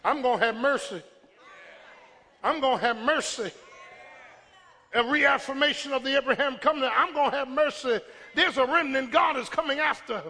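Male preacher, piercing high voice, shouting repeated calls for a witness, church hall reverb. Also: moderate pace, pauses often, faint music behind. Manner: rhythmic repetition, builds to shouting. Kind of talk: sermon. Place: church sanctuary. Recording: long hall reverb with congregation.

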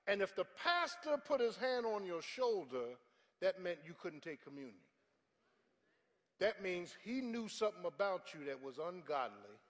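A middle-aged man preaching a sermon as pastor, animated with sudden shouted peaks. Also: high-pitched, normal speed. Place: large church sanctuary. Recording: church hall with long reverb.

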